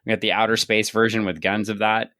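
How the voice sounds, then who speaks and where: Low, crisp-voiced man recapping comics. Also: level tone, fast, pushed and bright, no echo, clean studio sound. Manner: recaps the plot with wry, sarcastic asides. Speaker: podcast co-host. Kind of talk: casual comic-book podcast chat.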